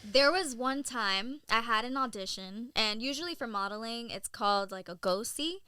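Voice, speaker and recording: A young woman in her twenties, a model and content creator, telling stories in an animated, casual way with lots of "like"s. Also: a little high, clean tone, no room sound, studio quality. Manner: animated storyteller, many "like"s and quick laughs. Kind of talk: casual interview chat.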